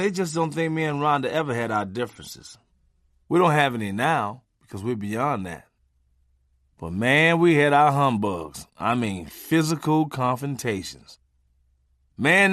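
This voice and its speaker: A man's voice: medium pitch, a bit bright, dry recording. A man telling comic stories from his life in a casual, profane style, tagging sentences with "man". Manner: casual, street-talk, punctuated by "man". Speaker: comedian reading his memoir.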